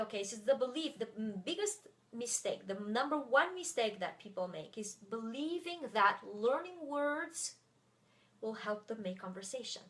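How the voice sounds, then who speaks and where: A woman's voice: a little high, fairly bright tone. A native French-speaking woman teaching an online webinar lesson, hesitant, with many fillers and self-corrections. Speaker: French tutor.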